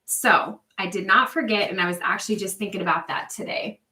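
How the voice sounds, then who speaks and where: A woman's voice: mid-range voice, fairly quick, sharp tone, far from the mic. A woman hosting a casual livestream, chatting with viewers and answering their comments by name. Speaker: livestream host. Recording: echoey room, voice a bit off-mic.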